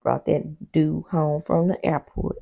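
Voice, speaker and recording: A woman voicing a hurt, weary man who pleads quietly with his partner, in a soft, breathy voice. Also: low voice, little pitch movement, takes it slowly, heavily acted. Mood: pleading.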